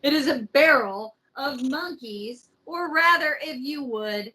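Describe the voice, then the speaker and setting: Slow-talking bright-voiced woman host. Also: high-pitched, lively intonation, rough recording. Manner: slow, joking, swears freely. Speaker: podcast host and storyteller. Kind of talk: casual chat, telling a true story.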